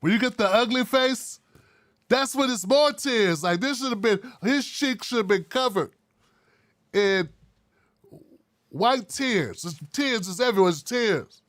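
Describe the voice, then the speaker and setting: Male political commentator, fairly high voice, blunt and animated, dry close sound. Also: a little slow, pauses often, dry recording. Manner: blunt, animated, wry asides. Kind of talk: casual solo commentary.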